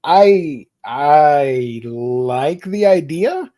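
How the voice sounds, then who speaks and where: A man's voice: on the high side, big pitch swings, very slow, dark tone. A man chatting as a guest about comic movies and books, explaining at length with many fillers. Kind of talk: casual chat.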